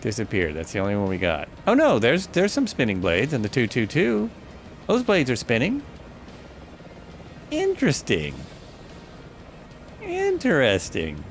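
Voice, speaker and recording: A man's voice: mid-range voice, wildly swooping pitch, a little fast, faint music behind. A man streaming a flight simulator, chatting casually and thinking aloud, often stopping to correct himself. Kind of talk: casual live gameplay commentary.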